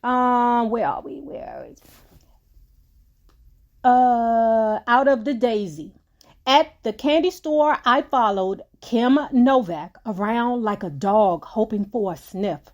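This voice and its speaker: A woman's voice: a little high, animated, takes it slowly, muffled recording. A woman, reading a book aloud on her channel and breaking off for casual, chatty commentary. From United States.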